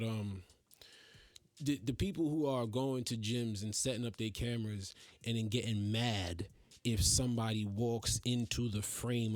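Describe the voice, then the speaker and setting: A man's voice: mid-range voice, a little mellow, no echo. A man hosting a podcast, ranting in a casual, profane, exasperated way. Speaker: podcast host. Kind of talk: casual solo rant.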